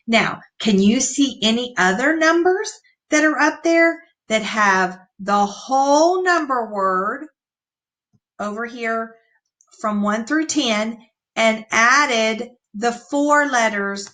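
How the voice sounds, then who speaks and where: A woman teacher giving an online reading lesson to young children, reading sentences aloud slowly and patiently. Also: on the high side, animated, a bit bright. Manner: slow, clear, patient read-aloud.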